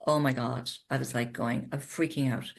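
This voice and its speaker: A woman's voice: a bass voice, steady tone, normal speed, gravelly. A middle-aged Irish woman, a guest in a casual interview, telling her story with animation and acting out her own past thoughts. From Ireland. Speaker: interview guest, retreat owner.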